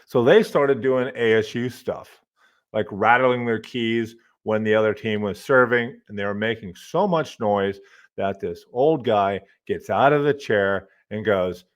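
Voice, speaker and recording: On his own podcast, a middle-aged college professor with a fairly low voice spins loose, lively storytelling monologues at a measured pace, cursing casually and talking to himself as he fiddles with his gear. He speaks into a desk microphone, and the audio sounds a little muffled and lo-fi.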